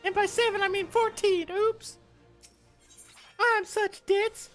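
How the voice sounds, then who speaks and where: Male streamer as bubbly ditzy girl persona, high and unhurried, cutesy and airheaded. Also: fairly even intonation, fairly bright tone, faint music behind, exaggerated voice. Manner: bubbly, airheaded, squeals in panic. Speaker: game streamer. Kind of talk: put-on character voice on a livestream.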